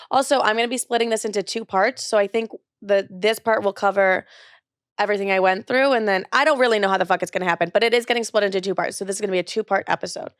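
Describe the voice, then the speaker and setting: A woman's voice: mid-range voice, smooth, dry recording, clean studio sound. A young woman hosting her own podcast, talking in a casual, confessional way, swearing, joking and filling her speech with "like". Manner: chatty and profane, joking, heavy use of "like". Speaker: podcast host.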